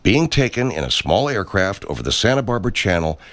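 A man's voice: fairly low pitch, very animated, fairly quick, a bit bright, no echo. A man in a studio recording pompous self-help promos in an improvised comedy sketch.

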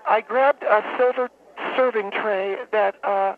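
A man's voice: high voice, pitched above the performer's own voice. Man doing a rambling woman caller on a phone line. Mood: deadpan. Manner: rambling, deadpan, halting with fillers. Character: woman caller, brawling football fan, middle-aged. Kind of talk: comic radio call-in bit. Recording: tinny phone line, faint hiss.

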